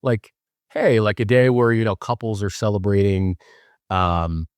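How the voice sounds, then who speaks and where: A man's voice: lowish voice, unhurried, clean tone, no echo. A young man hosting a podcast, telling stories in a loose, joking way with lots of fillers. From Wisconsin. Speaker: podcast host. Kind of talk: casual storytelling monologue.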